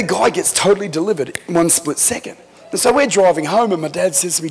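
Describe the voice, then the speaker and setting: Husky fervent preacher in an echoing church. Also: male voice, high-pitched, lively intonation, fast talker. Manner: fervent storytelling preacher, builds to loud emphatic climaxes. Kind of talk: sermon. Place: church sanctuary. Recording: echoey church hall.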